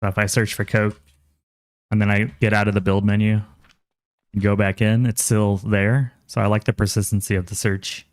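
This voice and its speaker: Male game streamer, low voice, relaxed chatty play-by-play, dry close sound. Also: normal speed, no echo. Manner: relaxed, chatty, thinks aloud and reads chat aloud. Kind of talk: casual gameplay commentary.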